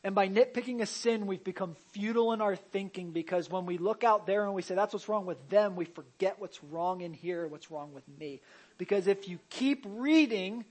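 A pastor delivers a sermon in a lifted, high-pitched voice. He talks to the room like a conversation, doubling back on his words and then driving points home with loud emphasis. Now and then he drops in a joke for the congregation. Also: normal speed, poor audio. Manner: conversational preaching with repeated restarts and sudden loud emphasis; jokey asides to the congregation.

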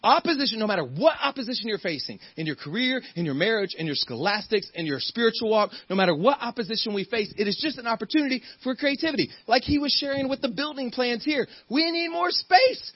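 A male guest preacher with a high voice and a slightly husky edge, delivering a lively sermon. He swings into playful character voices and builds to loud, fired-up peaks. The sound is dry and somewhat dull. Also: fast, hardly any pauses, dry recording. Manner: animated, acts out the characters in the story.

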